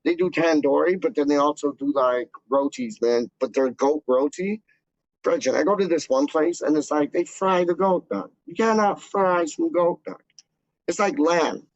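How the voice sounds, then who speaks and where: His voice is a little high and his speed normal as he chats casually to camera for his fan channel, slangy and rambling, leaning on "like" and "dog" as fillers. The recording has no echo and a dull, dry, lo-fi quality.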